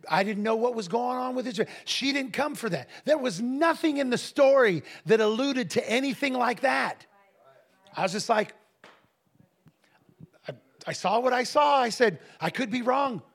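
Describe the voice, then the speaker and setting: A man telling a story in a casual, animated way, laughing often and restarting his phrases. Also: very high voice, normal speed, vocal fry. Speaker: guest minister telling a story.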